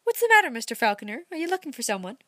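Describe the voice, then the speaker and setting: A woman reading aloud, voicing a cheerful, teasing young woman in a bright, lilting voice. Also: sits high, very animated, no echo, studio quality, pitched above the performer's own voice, heavily acted. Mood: puzzled. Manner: bright and lilting, quick to laugh.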